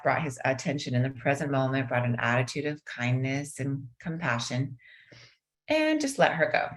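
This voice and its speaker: A middle-aged woman with a low, grounded voice leads a mindfulness webinar over a video call. She tells a story and then eases into a slow, gentle guided meditation. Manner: warm storytelling, slows into soft guided meditation. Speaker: mindfulness teacher and guest speaker.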